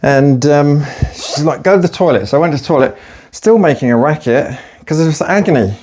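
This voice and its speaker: A man's voice: a little high, moderate pace, background noise. Sweary, blunt man. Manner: blunt, sweary storytelling with acted quotes. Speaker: fitness vlogger. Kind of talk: casual unedited workout chat.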